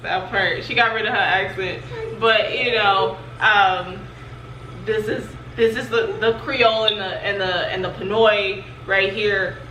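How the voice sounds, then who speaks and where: A woman's voice: medium pitch, steady tone, unhurried, sharp tone. A young adult woman hosting her own channel in a chatty, loose way, with lots of filler words. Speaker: channel host. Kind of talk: casual vlog chat. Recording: roomy, distant mic, faint noise.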